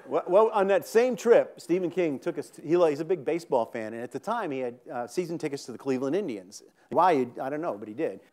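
A man's voice: on the high side, expressive, quick pace, few pauses, dark tone. A man in his sixties from New York State, an author telling rambling, self-interrupting comic stories on a theater stage and laughing at his own punchlines. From New York State, USA. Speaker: author guest. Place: theater stage before an audience.

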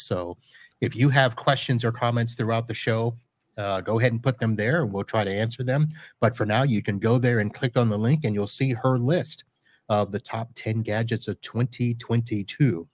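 A man's voice: fairly low pitch, dry recording, clean studio sound. A man hosting a live podcast, chatting casually with a guest and joking as he corrects himself. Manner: chatty, jokey, self-correcting. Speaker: podcast host. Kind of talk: casual interview chat. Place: Florida home studio.

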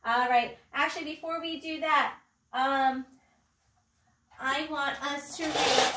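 A high-pitched woman leads a preschool circle time from home, talking slowly and clearly to small children. Her voice bounces around an echoey room, heard from a little away from the mic. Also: fairly even intonation, bright, forceful tone, far from the mic. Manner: slow, clear and encouraging, singing simple songs. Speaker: pre-K teacher. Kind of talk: remote circle-time lesson.

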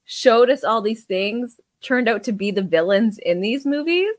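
A woman's voice: on the high side, animated, measured pace, dry recording. A woman co-hosting a podcast in casual chat. She swears freely, laughs often and acts out quotes from shows. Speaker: podcast co-host.

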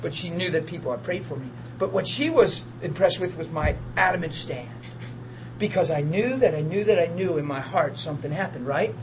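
A man preaching a testimony as a story, excitable, bursting into laughter and shouts. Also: a little high, a little fast. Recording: muffled recording with steady hum.

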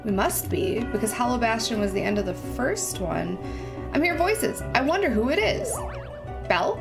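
A woman hosting a game reaction video, animated and giggly, talking back to the screen. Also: fairly high pitch, moderate pace, creaky. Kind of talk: reaction commentary. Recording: game music under the voice. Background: video game music and dialogue.

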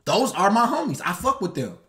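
A man with an African American Vernacular English accent hosting a casual live stream. He talks in loose slang, repeats himself, and his pitch jumps around a lot. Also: sing-song, a little fast, sharp tone. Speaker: host.

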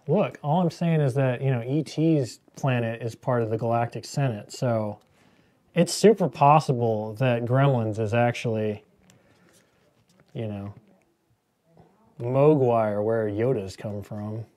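Host type: man in his thirties, mellow tone, jokey rambling painter chat. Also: medium pitch, measured pace. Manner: joking, rambling into movie tangents. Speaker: miniature painter hosting a painting stream. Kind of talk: casual painting demo chat.

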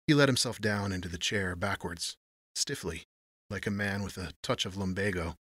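A man narrating a noir story in a measured storytelling manner. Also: sits low, fairly bright tone, dry recording.

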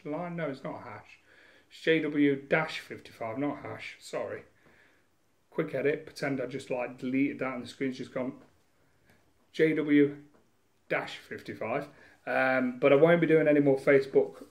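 A man's voice: fairly high pitch, darkish tone. A man chatting casually through a game unboxing at home, rambling, self-mocking and swearing, recorded on a camera mic. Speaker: gaming vlogger.

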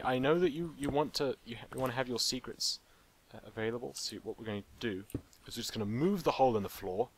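A man's voice: medium pitch, gravelly. A young man hosting a let's play, rambling playfully and joking with the animals in the game. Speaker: gaming channel host.

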